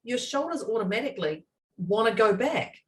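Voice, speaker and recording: A woman's voice: a little high, lively intonation, moderate pace, recorded from a distance. A woman co-hosting a casual chat podcast, talking animatedly and acting out the voices of people she quotes, with frequent laughter. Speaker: podcast co-host.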